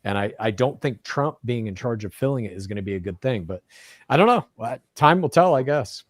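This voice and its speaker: A man's voice: mid-range voice, expressive, fairly quick, no room sound, studio quality. A young man co-hosting a podcast, chatting casually and reading out viewer comments with loose, swearing asides. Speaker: podcast co-host.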